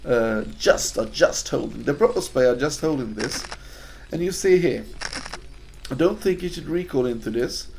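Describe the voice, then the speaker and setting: Swedish guy casting a game stream, slow and gravelly, chats with viewers, faint music behind. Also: medium pitch, a little mellow. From Sweden. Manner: chatty, hesitant, answering viewer chat. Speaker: game caster. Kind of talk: casual live-stream game commentary.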